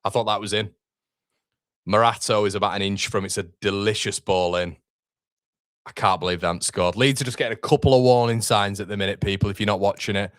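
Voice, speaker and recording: A young man hosting a live football watchalong, excitable and sweary, chatting to his viewers. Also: lowish voice, quick pace, no room sound, studio quality. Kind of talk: live match reaction.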